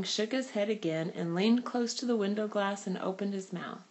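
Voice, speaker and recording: A woman reads a children's novel aloud, telling the story expressively. Her voice sits at a middle pitch, neither high nor low. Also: moderate pace, hardly any pauses, a little mellow. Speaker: reader.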